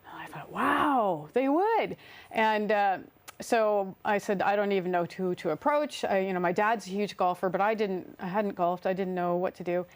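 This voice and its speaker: A woman's voice: mid-range voice, steady tone, normal speed. A middle-aged woman, an artist and songwriter, chatting as an interview guest, telling stories with frequent laughs, fillers and restarts. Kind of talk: casual interview storytelling.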